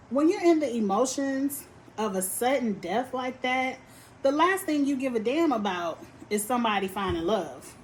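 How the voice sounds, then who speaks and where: A woman giving a sassy, animated recap of a reality dating show, talking straight to the cast. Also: fairly high pitch, slight background noise, rough recording. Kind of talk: casual opinionated recap.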